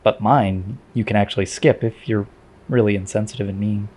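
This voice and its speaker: A man's voice: fairly low pitch, fairly even intonation, normal speed, darkish tone. A man commentating his own sim race in a chatty, self-deprecating way.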